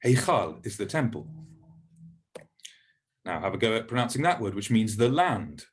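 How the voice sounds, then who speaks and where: Husky-voiced man teaching pronunciation. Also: lowish voice, sing-song. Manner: patient, encouraging, slows down to model words. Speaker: Hebrew teacher. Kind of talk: recorded lesson narration.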